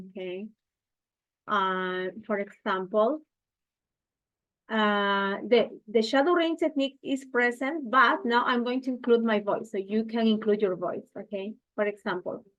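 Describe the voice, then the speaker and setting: Woman teacher, slightly high, muffled sound. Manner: tags sentences with "okay?", repeats model lines slowly. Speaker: English teacher. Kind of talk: instructional speaking practice.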